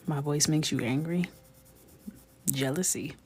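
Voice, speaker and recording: A woman in her thirties chatting casually and jokingly while coloring on a livestream, often dropping into soft whispers. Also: lowish voice, measured pace.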